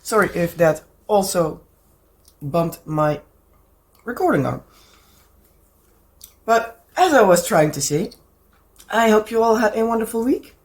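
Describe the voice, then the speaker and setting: Her voice is mid-range and lively in intonation, roughened by a cold and marked by a Dutch accent. She hosts a crafting channel, rambling casually about crafts and occasionally pausing to search for the right word.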